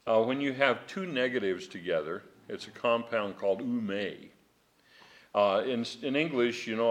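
Folksy man teaching a Bible class. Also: fairly low pitch. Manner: folksy, digressive, chuckles often.

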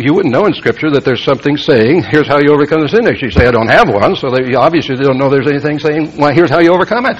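A man preaching a verse-by-verse Bible teaching sermon, explaining grammar and swinging between loud emphasis and quiet asides. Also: breathy edge, lo-fi sound. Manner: explains the Greek grammar, rising loudly for emphasis then dropping low.

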